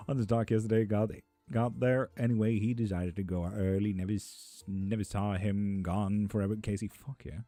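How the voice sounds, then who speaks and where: A man's voice: lowish voice, normal speed, warm tone, dry recording, soft background music. A man chatting on a live stream as a tarot reader, reading out viewer comments, casual and sweary with frequent laughs. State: hot and sticky.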